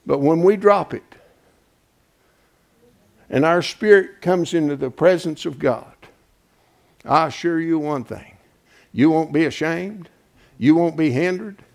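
A man with a high voice preaches a homespun Bible teaching sermon. He keeps quizzing the congregation and drawing answers from them. He drops to hushed asides, then rises to loud, emphatic peaks. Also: unhurried, vocal fry, long pauses. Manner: asks the congregation questions and draws answers; homespun and colloquial, with frequent "folks" and "ain't".

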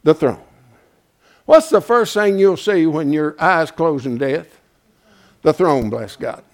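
High-voiced folksy male preacher. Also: lively intonation, slow. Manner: asks the congregation questions and draws answers; swings from hushed asides to loud emphatic preaching. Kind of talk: folksy Bible teaching sermon.

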